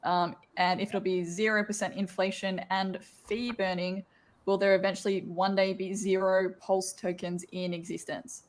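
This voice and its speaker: A woman's voice: medium pitch, little pitch movement, moderate pace, slight background noise. A woman co-hosting a live stream, reading out viewer questions in a friendly way with many "um" fillers. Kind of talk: casual chat on a live stream.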